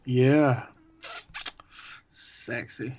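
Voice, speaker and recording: Chill slangy dude cohosting a podcast, crude jokes, muffled lo-fi mic. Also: male voice, medium pitch, extremely slow, a little mellow, slight background noise. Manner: laid-back, slangy, crude joking. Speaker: podcast co-host. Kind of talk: casual chat. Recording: dull lo-fi audio.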